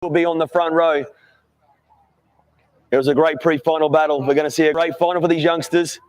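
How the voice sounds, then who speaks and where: A man's voice: a little high, fairly even intonation, a little fast. A man interviewing young drivers on the grid at a night kart race, upbeat and chummy. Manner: upbeat, chummy, calls everyone mate. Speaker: grid announcer.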